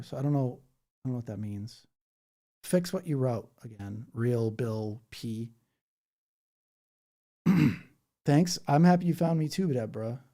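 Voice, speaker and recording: A man talks on a live stream, reading viewers' comments and answering them head-on. His voice is dark and mellow, but his manner is blunt and combative. He leans on "dude" and "bro" and now and then mocks people with put-on voices. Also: medium pitch. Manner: blunt and argumentative, slips into mocking voices; says "bro" and "dude" a lot. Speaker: livestreamer reading chat. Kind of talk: casual live-stream chat.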